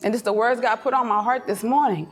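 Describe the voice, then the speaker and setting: A woman with a slightly high voice delivers a fervent, preacher-like talk to a gathered audience. She gets emotional, close to tears, and brightens into playful high voices when she quotes family. Soft music plays faintly underneath. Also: fast. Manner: passionate and preachy, mixing faith with business advice; swings into high, laughing voices when quoting her kids and herself. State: emotional, near tears at times. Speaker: event speaker. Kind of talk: motivational speech to a live audience. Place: event room with an audience.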